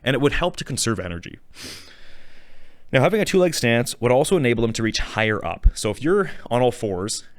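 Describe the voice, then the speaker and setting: A man's voice: mid-range voice, very animated, a little fast, no room sound, studio quality. A man hosting a casual educational show, rambling, correcting himself and chuckling as he explains. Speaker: show host. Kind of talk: casual educational talk on dinosaurs. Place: small studio.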